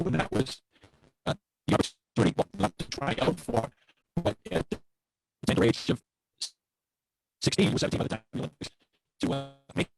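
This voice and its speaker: A man's voice: medium pitch, gravelly, a little hiss or hum, rough recording. A man hosting a podcast interview, reading out stats and awards with wry teasing. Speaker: podcast host. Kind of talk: interview questions with prepared research.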